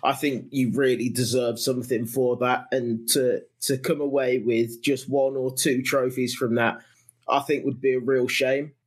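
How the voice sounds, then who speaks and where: A man speaking as a guest on a podcast, in measured, slightly hesitant casual chat. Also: medium pitch, little pitch movement, husky.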